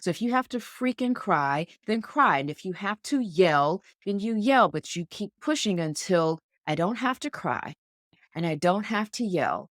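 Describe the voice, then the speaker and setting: A woman's voice: mid-range voice, expressive, measured pace, dry recording. Woman co-host earnest, encouraging, dry close sound. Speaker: podcast co-host. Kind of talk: casual podcast chat. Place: indoors, podcast recording.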